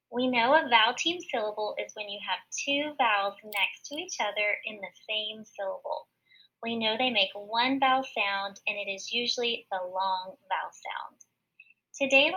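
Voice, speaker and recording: Woman teacher doing a kids phonics lesson, bright husky voice, kinda muffled lo-fi audio. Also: fairly high pitch. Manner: slow, clear, patient step-by-step explaining. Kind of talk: recorded phonics lesson for children. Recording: dull lo-fi recording.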